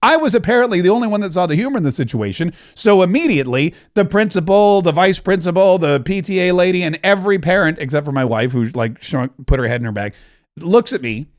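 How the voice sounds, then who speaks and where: A middle-aged man hosting a podcast, telling anecdotes in casual commentary and laughing out loud as he acts out what people said. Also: sits high. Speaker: podcast host.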